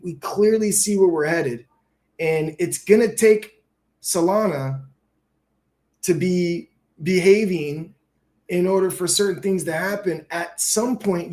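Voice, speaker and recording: Man, livestream host, casual chat, slangy, swears a lot, higher voice. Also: a little mellow. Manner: loose, slangy, swears often.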